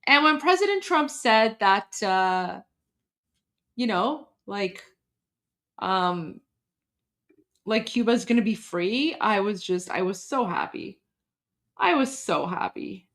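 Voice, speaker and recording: A woman from Iran chatting on a casual livestream, emotional and halting, with many restarts and repetitions. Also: medium pitch, lively intonation, a bit bright. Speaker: livestream host.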